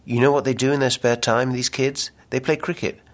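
A man's voice: mid-range voice, flat delivery, a little fast, pitched above the performer's own voice, close to an everyday voice. A man voicing a brash, ambitious businessman with big schemes, reading the dialogue aloud in a pushy salesman's patter. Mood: insistent. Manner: salesman patter, insistent and grandiose.

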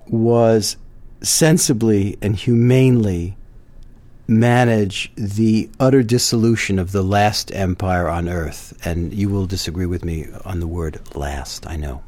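A man discussing politics on a panel, measured and hesitant, with many fillers and restarts. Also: lowish voice, darkish tone, no echo. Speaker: guest commentator.

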